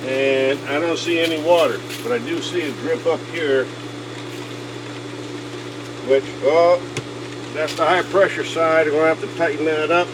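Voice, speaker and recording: A folksy older man talking his way through a backyard pool repair, slightly higher-pitched than most men. He grumbles and mutters to himself as he works outside. Steady machinery hum and traffic noise sit clearly behind him. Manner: folksy, grumbling, talks to himself while working. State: out of breath at times. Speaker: DIY video host. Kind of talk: casual how-to vlog narration.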